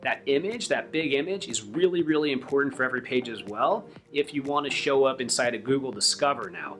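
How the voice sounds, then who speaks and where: A man walks through a step-by-step tutorial in a relaxed, conversational way. His voice sits at an ordinary middle pitch, and he leans on repetition to stress his points. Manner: conversational, repeats "really, really important"; upbeat sign-off at the end. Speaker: SEO educator. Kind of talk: tutorial video.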